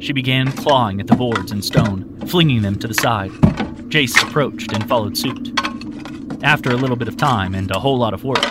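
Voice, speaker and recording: A man narrating a storybook in an expressive reading voice. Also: medium pitch, heavy background noise.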